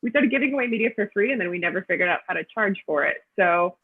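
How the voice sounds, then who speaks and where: Woman author chatting on a video call, husky, sounds like a phone line, lots of ums. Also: mid-range voice, animated, quick pace. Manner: chatty, frequent ums and restarts. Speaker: guest author. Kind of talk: casual storytelling answers.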